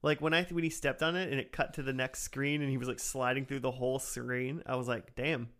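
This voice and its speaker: Smooth-voiced man in casual chat. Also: medium pitch, fairly quick. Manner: relaxed, joking, retells scenes with quoted asides. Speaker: podcast co-host recapping a cartoon.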